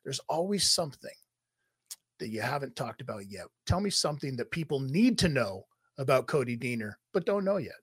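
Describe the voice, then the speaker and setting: A man's voice: medium pitch, big pitch swings, a little fast, husky, no echo, clean studio sound. A middle-aged man hosting a wrestling podcast, asking questions in a chatty, joking way. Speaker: podcast host. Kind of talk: casual interview chat.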